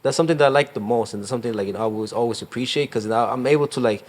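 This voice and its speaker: A man's voice: mid-range voice, rapid-fire. A young man, a real estate agent, talking casually in an interview, rambling with lots of fillers and slang. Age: young adult.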